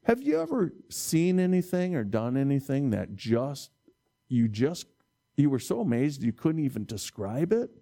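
A man preaching a sermon, lively and expressive, acting out bewildered reactions and stumbling over Greek words. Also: medium pitch, measured pace. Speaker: pastor.

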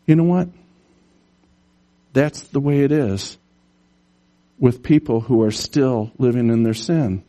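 A man preaching a sermon, animated, telling stories and putting on voices for the characters in them. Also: on the high side. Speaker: pastor.

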